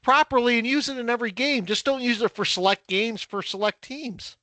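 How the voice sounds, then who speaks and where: A man's voice: very high-pitched, fairly quick, bright, forceful tone, dry recording. A man hosting a sports podcast in a casual, conversational way, moving the group through listener questions. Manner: conversational, runs the segments. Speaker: podcast host. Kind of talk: casual chat.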